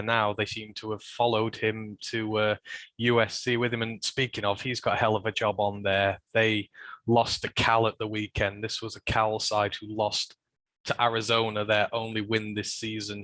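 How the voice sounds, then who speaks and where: A man's voice: lowish voice, a bit bright, no room sound. A British man co-hosting a podcast, easygoing, with plenty of fillers as he leads the talk into each segment. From United Kingdom. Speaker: podcast co-host. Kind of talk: casual sports chat.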